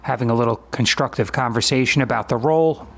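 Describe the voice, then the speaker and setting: Husky and mid-range, his voice moves fairly quickly as he narrates his own grappling sparring footage. He is in his fifties, and his voice-over commentary is matter-of-fact and conversational.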